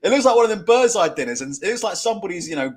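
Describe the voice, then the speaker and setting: A man live streaming and reacting to pictures from his computer. He talks in an animated way, swears freely and laughs often. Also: high-pitched, racing.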